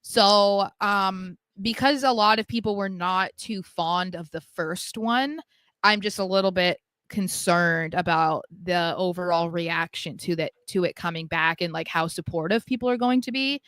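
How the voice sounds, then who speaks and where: A woman's voice: lowish voice, measured pace, fairly bright tone, smooth, dry recording. A young woman co-hosting a wrestling podcast, talking casually and filling her sentences with "like". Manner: chatty, lots of "like" fillers. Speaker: podcast co-host. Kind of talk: casual chat.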